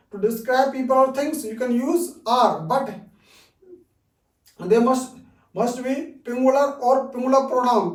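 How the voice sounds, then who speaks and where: Slow, high-voiced male English teacher. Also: reverberant, recorded from a distance, poor audio. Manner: slow and patient, repeats each example, frequent "okay". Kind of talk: grammar lesson for beginners.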